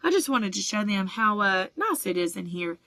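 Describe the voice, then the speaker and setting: A brisk, earnest schoolgirl who knows her stuff, voiced by a woman reading an audiobook. The pitch sits in a middle register, and the dry recording has no room echo. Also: sing-song, a bit bright. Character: clever, bossy schoolgirl.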